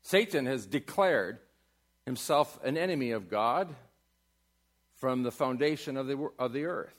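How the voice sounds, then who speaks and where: A man preaching a sermon in a church, asking his congregation questions and building to loud climaxes. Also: medium pitch, expressive, measured pace. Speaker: pastor. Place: church sanctuary.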